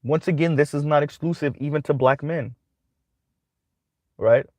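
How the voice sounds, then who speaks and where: A man's voice: a little high, moderate pace, a little mellow, dry recording. A man hosting a commentary channel, giving a casual monologue that keeps checking in with "right?". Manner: conversational, repeats "right?" often.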